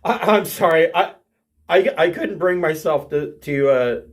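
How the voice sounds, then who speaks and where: A man's voice: fairly high pitch, a little slow, lightly acted. A man voicing a flustered male rogue who stammers through an apology.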